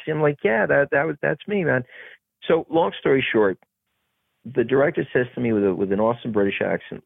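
Male actor guest, gravelly and husky, animated storyteller who acts out other voices, dry phone-like audio. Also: mid-range voice, fast, dry recording. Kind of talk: casual storytelling interview. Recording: tinny phone-like podcast audio.

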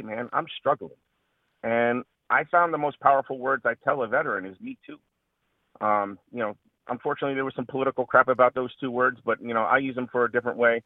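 A man, a veteran and radio guest, talking earnestly about his service, halting and restarting often. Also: mid-range voice, no echo, narrow, tinny audio. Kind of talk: radio interview.

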